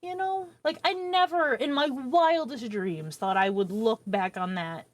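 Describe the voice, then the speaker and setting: A woman in her thirties, a streamer telling a long personal story to her viewers in a profane, rambling, animated way. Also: on the high side, unhurried. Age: 30s.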